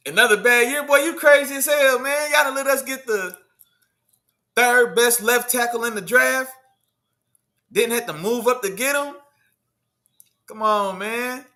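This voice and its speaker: A high-pitched man hosts a casual sports livestream. He talks in loose slang and banters with his chat. His voice is very bright and forceful. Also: a little slow, long pauses. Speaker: livestream host.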